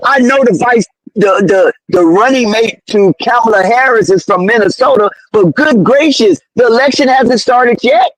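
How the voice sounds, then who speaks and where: A man doing fan play-by-play of a basketball game, excitable, slangy and loudly outraged at the referees. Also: extremely high pitch, normal speed, few pauses, rough recording. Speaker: live game commentator.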